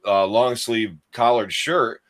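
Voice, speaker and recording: A man's voice: medium pitch, slow, fairly bright tone. A man from upstate New York co-hosting a podcast, telling a rambling childhood story in casual chat. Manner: rambling, storytelling, lots of fillers. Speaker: podcast co-host.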